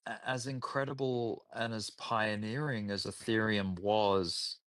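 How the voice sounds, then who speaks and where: A man chatting casually as a co-host, rambling with lots of "like" and quick agreement. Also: on the low side, fairly even intonation, fairly bright tone, no room sound. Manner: rambling, filler-heavy, agreeable. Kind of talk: casual chat.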